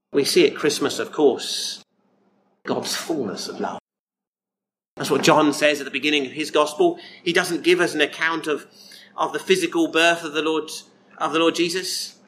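A man delivers a sermon at an unhurried pace, pausing often and repeating key phrases. His voice sits a little high for a man, and he asks gentle rhetorical questions. A faint hiss runs under the recording. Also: low-quality recording. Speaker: preacher.

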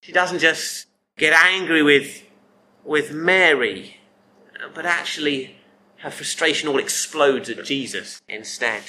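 A male preacher talks through a passage slowly and deliberately in a bright, fairly high voice. He keeps checking in with the congregation through tag questions, which gives the sermon a chatty feel. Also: a little hiss or hum.

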